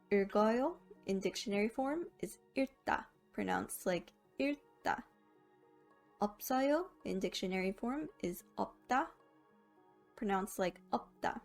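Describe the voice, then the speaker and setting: A woman narrating a scripted language lesson, explaining rules clearly and slowing down to sound out each example word. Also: medium pitch, a little mellow. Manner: clear, careful explanation with slow, drawn-out example words. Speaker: language teacher.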